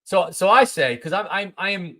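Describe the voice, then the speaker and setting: This podcast host, a man in his forties, has a high voice and talks at normal speed. He narrates a story in a casual, animated monologue, voicing both sides of a conversation and repeating himself along the way.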